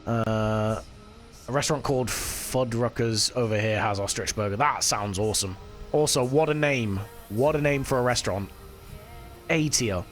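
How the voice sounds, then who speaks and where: A man's voice: mid-range voice, normal speed. A man chatting casually with his live-stream chat while he plays, swearing now and then. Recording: faint music behind.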